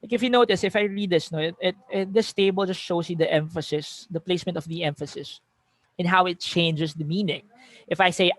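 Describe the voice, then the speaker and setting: A man's voice: a little high, steady tone, moderate pace, no echo. Filipino man lecturing, dry close sound. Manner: reads example sentences aloud with shifting emphasis, frequent self-corrections. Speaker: teacher giving a webinar. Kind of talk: conversational lecture mixing English and Tagalog.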